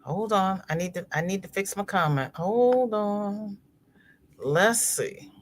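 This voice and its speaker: A woman hosting a crochet livestream, chatting casually and reading viewers' comments aloud, expressive and often laughing. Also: mid-range voice, takes it slowly, background noise.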